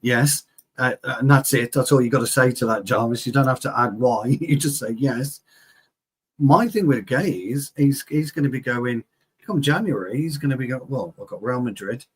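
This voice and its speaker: Husky, boisterous man. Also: medium pitch, moderate pace. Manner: boisterous, joking, swears freely. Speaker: football show co-host. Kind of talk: casual chat.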